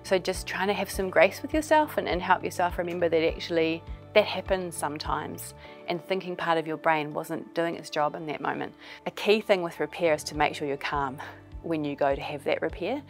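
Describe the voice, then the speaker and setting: A woman's voice: sits low, brisk, soft background music. A woman with a New Zealand accent, a child and family psychologist, giving practical advice and acting out little examples. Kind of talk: explanatory talk to camera.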